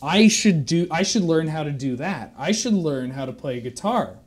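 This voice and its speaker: Man, slightly high voice, meandering shaggy-dog joke, self-correcting, deadpan asides, live stream performer. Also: normal speed.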